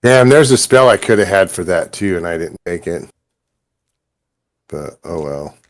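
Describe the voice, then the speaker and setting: A man's voice: low-pitched, animated, unhurried, no echo, studio quality. A man playing a tabletop game, talking casually and bluntly with some swearing. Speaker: player. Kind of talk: casual gaming chat.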